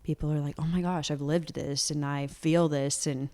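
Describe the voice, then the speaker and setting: Her voice sits low and sounds mellow, moving at a moderate pace with fairly even intonation. She's a young singer-songwriter giving an interview, earnest and forthcoming, leaning hard on the word "like."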